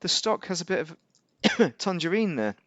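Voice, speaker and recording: A man's voice: high-pitched, sing-song, unhurried, fairly bright tone, dry recording. A man giving casual, rambling gameplay commentary as a YouTuber, correcting himself and making wry asides. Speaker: gaming YouTuber.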